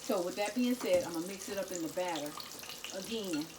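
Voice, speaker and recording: Briskly and in a fairly low voice, a woman cooking vlogger chats through a casual kitchen video at home, greeting viewers as "y'all" and "guys." The background is noisy.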